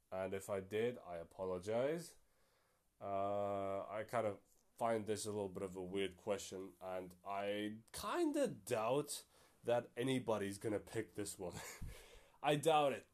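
A man's voice: fairly low pitch, a little mellow. Casual, chatty man thinking aloud. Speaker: podcast host. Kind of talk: casual solo podcast commentary.

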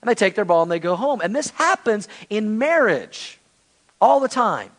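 Brief: man pastor, animated conversational sermon, high voice. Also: normal speed.

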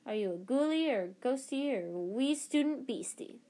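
A woman's voice: high-pitched, lively intonation, moderate pace, warm tone, pitched above the performer's own voice. A woman reading aloud and voicing a mischievous male poltergeist with a taunting, singsong manner.

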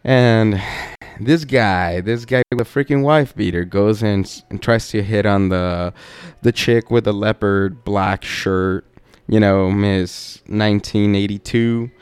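Man, podcast host, casual profane storytelling, unhurried, dry close sound. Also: lowish voice, smooth, no echo. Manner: profane, laid-back, laughing asides.

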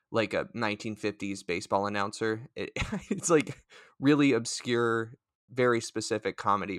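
A man's voice: fairly low pitch, fairly bright tone. A man co-hosting a casual movie discussion, laid-back and searching for his words. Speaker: podcast co-host.

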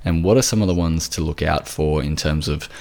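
A man's voice: very deep voice, vocal fry, darkish tone. A man hosting a podcast interview, talking casually with frequent restarts and fillers. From Australia. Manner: halting, many restarts and fillers, laughs often. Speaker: podcast host.

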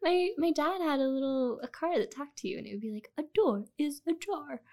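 Woman co-host, high lively voice, teasing podcast chat. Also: fast talker. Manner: teasing, laughs often. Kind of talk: casual chat.

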